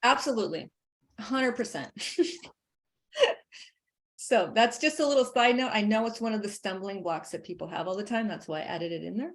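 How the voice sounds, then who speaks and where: A woman dog trainer talking through leash training in a casual, lively way, laughing often and hammering her points with emphatic asides. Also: mid-range voice, normal speed, pauses often. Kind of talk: casual instructional chat.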